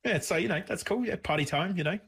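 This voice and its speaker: A man's voice: high voice, fast, creaky, fairly bright tone, breathy edge. A man hosting a casual conversational interview, rambling with many restarts and filler words. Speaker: podcast host.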